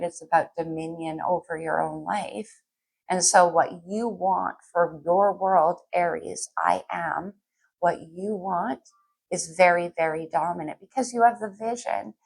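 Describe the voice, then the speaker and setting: A woman reads tarot for her viewers in an easy, chatty way. Her voice sits low with a gravelly fry running through it. She talks her thoughts out loud as she pulls cards, wandering a little and then circling back. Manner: chatty, scattered, thinks aloud while pulling cards. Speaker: tarot reader. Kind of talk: casual tarot reading to camera.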